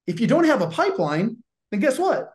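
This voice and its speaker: A man's voice: very high voice, sing-song, fairly quick, a little mellow, echoey room. A man with a Southern accent, a gym business coach hosting a show, talking in a punchy, pushy way and swearing casually. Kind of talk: energetic coaching talk.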